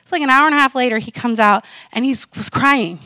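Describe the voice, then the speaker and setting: A woman in her forties, a missionary telling her story in a lively, conversational testimony sermon. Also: a little high, fast, dry recording. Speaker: missionary speaker.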